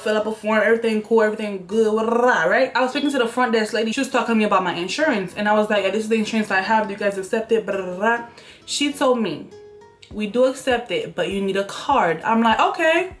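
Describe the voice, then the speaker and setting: A young woman telling viewers a story in a casual vlog at home, animated and chatty, acting out what people said to her. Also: medium pitch, fast talker, faint music behind. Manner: animated, talks straight to viewers, acts out quotes. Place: room at home by an open window.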